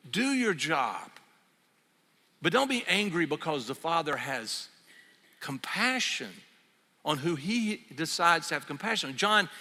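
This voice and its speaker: An older man preaching a sermon, telling the story in a lively, conversational way. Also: on the high side. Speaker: pastor. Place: church sanctuary. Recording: reverberant church hall.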